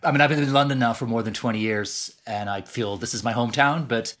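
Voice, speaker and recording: A man's voice: mid-range voice, fast. Canadian guy, middle-aged, chatty author guest, laughs a lot while telling stories. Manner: animated storyteller, laughs often. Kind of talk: podcast interview.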